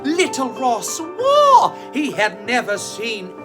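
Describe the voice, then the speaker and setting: A woman's voice: a little high, huge pitch swings, slow pace, music in the background. A woman hosting a children's rhyme time, reading a storybook aloud with theatrical, gushing praise for the little ones.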